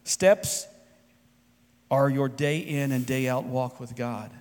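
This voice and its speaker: A man preaching a sermon, rising to loud emphatic peaks and dropping to quiet, soft asides. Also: medium pitch, steady tone, slow. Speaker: pastor. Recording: long hall reverb.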